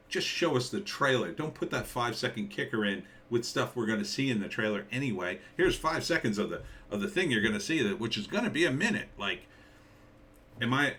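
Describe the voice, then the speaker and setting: A man's voice: medium pitch, bright, forceful tone, far from the mic, slight background noise. A man, a screenwriter, ranting casually about a movie trailer, rambling and incredulous with lots of filler words.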